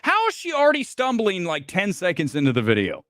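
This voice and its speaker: A man hosts a live movie review stream, swearing freely and breaking into helpless laughter. His voice is high and swings wildly up and down. The sound is dry and close. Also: brisk, dry recording. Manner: laughing hard, profane and animated. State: crying with laughter.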